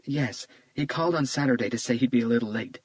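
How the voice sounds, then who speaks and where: A man's voice: medium pitch, fast, no echo, voice pushed up, lightly acted. A man reading as a tearful, grieving young woman who works as an estate agent, his voice raised and trembling. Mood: subdued grief. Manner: breathy, trembling delivery.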